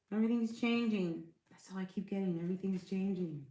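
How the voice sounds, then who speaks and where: Speaking briskly in a medium-pitched voice, a tarot reader chats through a casual reading for her viewers. The sound is roomy with a noisy background, and she reassures often, dropping fillers and rhetorical "all right?" and "you know" check-ins.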